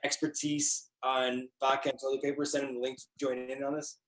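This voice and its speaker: A man on a video call who explains things at length in a playful way. His voice has a mid-range pitch. The sound is echoey, as if he is in a bare room. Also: level tone, a little fast. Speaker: co-host. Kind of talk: casual chat on a video call.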